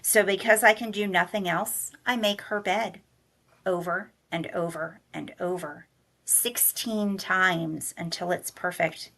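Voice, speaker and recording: A woman reading a novel aloud in a measured, soft-spoken way, slowing down on the somber passages. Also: on the low side, fairly even intonation. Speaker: college director and humanities teacher reading aloud.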